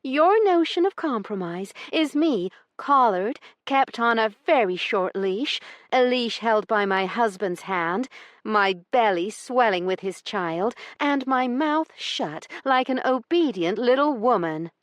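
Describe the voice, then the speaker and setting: A woman's voice: a little high, lively intonation, slow pace, no echo, voice pushed up. A woman doing Io, a fiery defiant lady. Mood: bitter. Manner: sharp, indignant retorts. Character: fiery young noblewoman, defiant and quick-tempered. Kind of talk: audiobook character reading.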